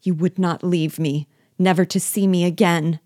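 A woman's voice: on the low side, fairly even intonation, unhurried, warm tone, slightly rough, no room sound, studio quality. A woman reading as a terrified, pleading young wife. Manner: pleading, anxious questions.

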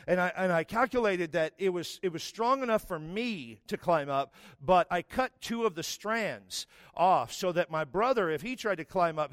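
A man's voice: sits high, no echo, studio quality. A middle-aged man, a pastor, preaching a sermon with humorous personal stories that build to emphatic exhortation. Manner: storytelling, self-mocking, rising to emphatic preaching.

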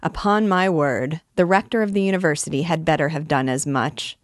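A man's voice: a little high, a little fast, no echo, studio quality, close to an everyday voice. A woman voicing a haughty, dismissive male churchman in a storybook reading. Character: bored haughty male cardinal, amused and dismissive.

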